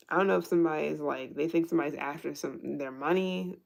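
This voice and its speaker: A woman's voice: sits low, quick pace, creaky, few pauses, darkish tone. A woman giving a casual tarot reading who thinks aloud, restarts her sentences, swears freely and laughs often. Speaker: tarot reader.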